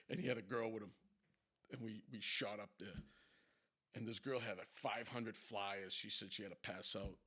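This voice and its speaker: A man hosting a podcast, telling a story in an animated, profane way and acting out the scenes. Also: fairly low pitch, moderate pace. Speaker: podcast host. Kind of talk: casual storytelling.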